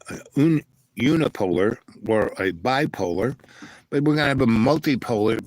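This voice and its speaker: A man's voice: fairly low pitch, poor audio. A man hosting a rambling spiritual monologue, meandering with many fillers and tag questions. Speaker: channel host.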